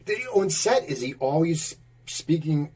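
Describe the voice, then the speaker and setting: A man's voice: a little high, measured pace, mellow, slightly rough, far from the mic. A man hosting an interview, asking questions in a casual, conversational way. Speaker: podcast host, interviewer.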